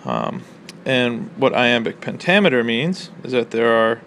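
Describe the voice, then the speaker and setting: Guy doing a recorded english lecture, kinda gravelly voice, lots of ums, faint ac hum in the room. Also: medium pitch, unhurried, few pauses. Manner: explanatory, relaxed, with frequent ums and uhs. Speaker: college English instructor.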